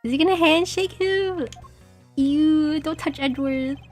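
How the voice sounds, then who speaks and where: A young woman streaming a game, chatting casually in a giggly, rambling, self-deprecating way, her throat a little dry and husky. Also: high-pitched, unhurried, darkish tone, soft background music. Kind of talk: casual gaming stream chat.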